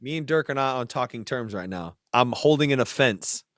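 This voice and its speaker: A man's voice: medium pitch, expressive, normal speed, a bit bright, no echo. A man with a mid-range voice banters playfully in casual podcast chat. His voice sounds dry and close to the mic. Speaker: podcast co-host.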